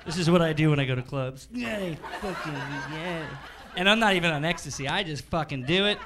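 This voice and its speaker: A man's voice: fairly high pitch, brisk, noisy background. A young adult man performing stand-up comedy on a club stage with a handheld mic, acting out characters and swearing. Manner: energetic, acts out characters, swears. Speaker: stand-up comedian and show host. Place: comedy club stage before a live audience.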